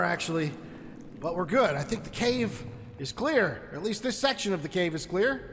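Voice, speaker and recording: A man with a high, fairly bright voice commentates his own survival game playthrough, chatty and joking, even talking to the enemies as he fights them. There's a long reverb tail and slight background noise.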